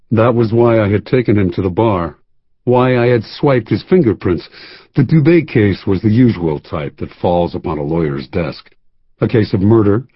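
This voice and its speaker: A man reads a first-person thriller in a measured, wry storytelling voice. His tone is husky and a little low. The recording is dry and close, with a slightly dull, muffled top end. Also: no echo. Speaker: audiobook narrator. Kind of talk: first-person scripted narration.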